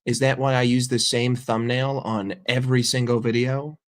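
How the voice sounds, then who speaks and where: Profane, sarcastic American football fan. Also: male voice, medium pitch, level tone, normal speed. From United States. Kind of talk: profane live-stream rant.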